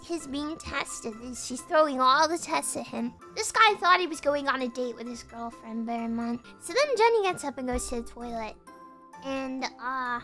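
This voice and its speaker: A woman streamer telling a story in casual chat, animated, laughing often and breaking into shrieks and swearing. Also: high-pitched.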